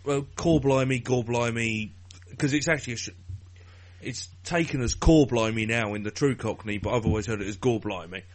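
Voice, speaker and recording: A man's voice: mid-range voice, normal speed. A man co-hosting a podcast, cheeky and crude in casual banter. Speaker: podcast co-host.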